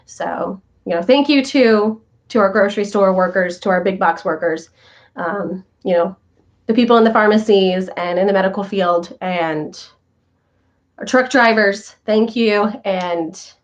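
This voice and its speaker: A young woman hosting a casual talk show, chatting to viewers and telling animated stories with quoted voices. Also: medium pitch, unhurried. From northern United States. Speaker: show host. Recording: slightly dull lo-fi sound.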